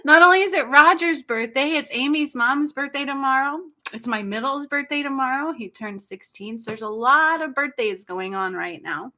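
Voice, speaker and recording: A woman in her forties hosting a spiritual healing livestream, talking softly and tenderly, tearful and apologetic. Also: high-pitched, normal speed, few pauses. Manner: soft, tender and tearful, with frequent apologies and laughs. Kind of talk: emotional livestream talk.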